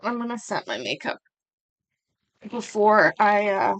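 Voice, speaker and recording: Casting rambling, self-deprecating woman livestream host, mid-pitched, talking casually from home. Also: very animated, measured pace, fairly bright tone.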